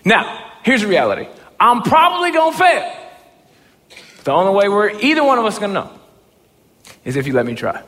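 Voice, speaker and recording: Man, motivational speaker, humorous storytelling, self-mocking, excitable, bright voice, reverberant hall. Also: sits high, a little fast, pauses often. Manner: animated, self-mocking, bursts into excited shouts.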